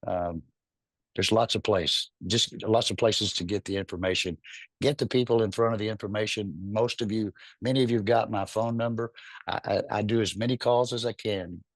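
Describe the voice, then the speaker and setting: A man with a low voice and a Southern accent, talking with big, effusive enthusiasm. He sounds close and dry on his video call mic. He comes across as a business leader rallying his team. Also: fairly even intonation, moderate pace, no echo. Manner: warm, effusive, exuberant. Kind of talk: enthusiastic webinar remarks.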